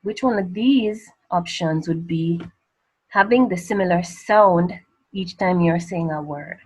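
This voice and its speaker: A woman's voice: on the low side, measured pace, darkish tone, husky, low-quality recording. A woman teacher working through exam questions on a poem step by step, posing rhetorical questions and answering them in a patient, conversational way. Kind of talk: exam revision lesson.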